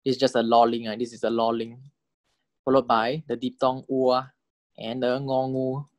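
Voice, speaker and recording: A man's voice: level tone, moderate pace, dry recording. A man teaching a recorded language lesson, patiently explaining spelling and tones. He often checks in with "correct?" and models each example word several times. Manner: patient, checks understanding with repeated "correct?" and "okay?"; repeats example words several times with rising and falling pitch to model tones.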